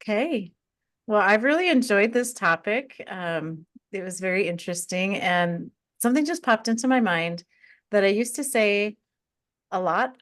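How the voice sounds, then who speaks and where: A woman's voice: mid-range voice, expressive, a little slow, dry recording, clean studio sound. A woman hosting a casual podcast chat, thoughtful and encouraging, rambling a little as she talks. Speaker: podcast host.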